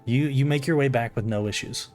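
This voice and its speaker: A man narrating a tabletop game as game master, in a relaxed, descriptive way with casual fillers. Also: mid-range voice, fairly quick, soft background music.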